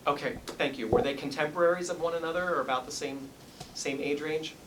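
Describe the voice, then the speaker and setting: A man's voice: fairly high pitch, steady tone, fairly quick, a bit bright, recorded from a distance, a little hiss or hum, rough recording. A man working as a psychic medium, giving a live reading in a salon and politely apologizing as he relays messages. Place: hair salon, indoors.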